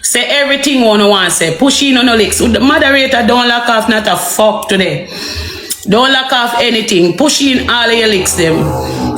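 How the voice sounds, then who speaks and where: A woman's voice: fairly high pitch, gravelly. A woman with a Jamaican accent ranting to viewers on a livestream. She repeats herself and keeps asking rhetorical questions. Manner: heated, repetitive, rhetorical questions. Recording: echoey room, faint music.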